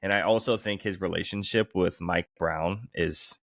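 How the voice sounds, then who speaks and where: A man co-hosting a podcast, chatting about sports in an easygoing, relaxed way. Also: low voice, moderate pace, gravelly, no echo, clean studio sound. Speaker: podcast co-host. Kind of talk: casual sports chat.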